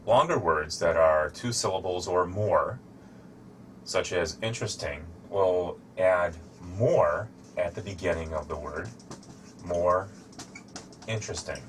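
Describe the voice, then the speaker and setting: Deep-voiced guy teaching grammar real slow, faint hiss in the background. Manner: shows objects to camera while explaining. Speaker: English teacher. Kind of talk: slow, deliberate teaching explanation.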